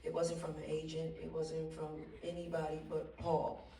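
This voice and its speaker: A woman's voice: low-pitched, monotone, normal speed, mellow. Laughing woman telling a story in a hall. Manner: casual, laughing, slangy, mimics voices. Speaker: actress on a panel. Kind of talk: animated anecdote at a panel Q&A. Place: stage at a theater Q&A. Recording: roomy hall, distant mic, faint noise.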